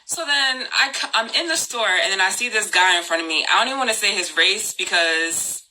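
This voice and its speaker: A woman from New Jersey hosting a live stream, telling a story in a casual, animated way, laughing often and talking in slang. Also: mid-range voice, brisk, a little hiss or hum, rough recording. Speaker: host.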